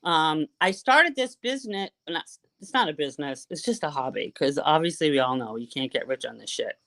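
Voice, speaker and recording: A woman from Boston with a Boston accent, chatting excitedly and casually as a guest on a live call-in show, swearing now and then. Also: low-pitched, a little fast. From Boston, USA. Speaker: caller guest.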